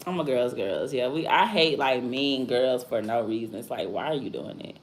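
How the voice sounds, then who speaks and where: Low-voiced woman in her thirties on a livestream. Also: expressive, moderate pace, hardly any pauses. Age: 30s. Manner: slangy, conversational, keeps asking "you feel me?". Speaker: livestream host. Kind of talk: casual livestream talk. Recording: echoey room with faint background noise.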